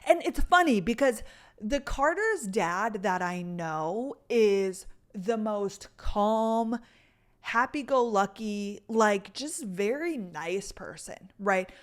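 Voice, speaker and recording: A woman's voice: medium pitch, expressive, takes it slowly. A young woman vlogger telling a rambling story to her viewers, with lots of filler words and swearing. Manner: rambling, chatty, full of "like" and cursing. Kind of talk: casual storytelling to camera.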